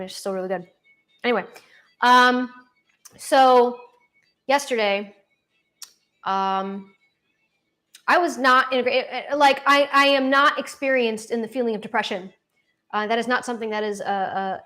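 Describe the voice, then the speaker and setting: A woman's voice: a little high, fairly bright tone. Chatty young woman on a home livestream. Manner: chatty, rambling, frequent restarts and fillers; swears casually, self-deprecating humor. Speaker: livestream host. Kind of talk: casual livestream chat. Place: at home with her dog. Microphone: laptop.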